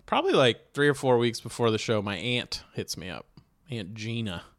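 A man in casual podcast chat, telling a comedy story and slipping into the voices of the people in it. His pitch sits in the middle range, and he keeps a relaxed, conversational flow. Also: normal speed. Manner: storytelling, acting out quotes, laughs often.

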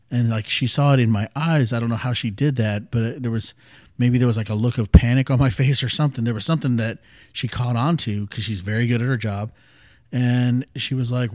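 A man in his late thirties, a podcast host telling a personal story in a candid, reflective way, often dropping to a hushed voice. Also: medium pitch, steady tone, fairly quick, no echo, studio quality.

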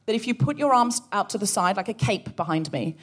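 A woman co-hosting a live comedy podcast, telling a story with animated energy and acting out the voices of the people in it. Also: mid-range voice, brisk, husky. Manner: animated, acts out quoted voices. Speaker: podcast co-host. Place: live theatre show.

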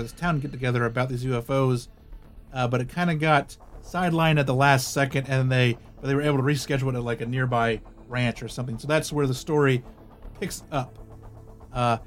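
A man hosting a podcast, reading an article aloud and breaking in with casual asides and small restarts. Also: medium pitch. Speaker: podcast host.

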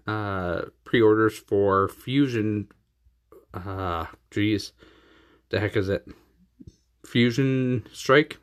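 A man's voice: lowish voice, a bit bright. A man hosting a podcast, recapping an episode in a rambling, joking way and laughing often. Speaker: podcast host. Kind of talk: casual episode recap and sponsor read.

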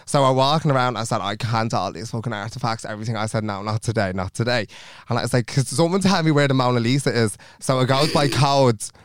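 A man's voice: medium pitch, fast talker, clean tone, dry recording, clean studio sound. A young Irish man co-hosting a podcast, telling a rambling story in casual chat and acting out the other people's lines. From Ireland. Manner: animated, swearing, acts out quotes. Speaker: podcast co-host.

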